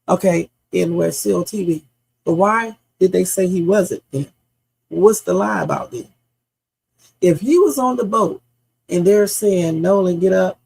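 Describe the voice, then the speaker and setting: Gravelly woman grilling her live chat. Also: on the low side, darkish tone. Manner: heated, questioning, profane, talks back to chat. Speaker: livestream host. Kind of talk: live reaction stream commentary.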